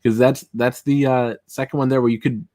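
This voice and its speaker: A man's voice: mid-range voice, steady tone, fairly quick, darkish tone, no room sound. Guy hosting a chatty stream, reads messages out and laughs a lot, dry mic. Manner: rambling, laughs often, reads messages aloud. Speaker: show host. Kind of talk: casual commentary, reading screenshots aloud.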